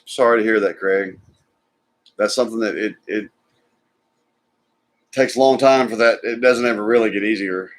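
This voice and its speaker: A man's voice: on the low side, normal speed, long pauses. A man, co-hosting a live stream and chatting casually about movies while reading viewer comments.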